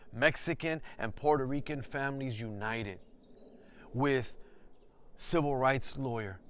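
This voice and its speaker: A man's voice: mid-range voice, fairly bright tone. A male teacher reading a picture book aloud as a lesson, enthusiastic and speaking straight to his listeners. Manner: enthusiastic, exclaiming and addressing listeners. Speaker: ethnic studies teacher. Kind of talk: storybook read-aloud lesson.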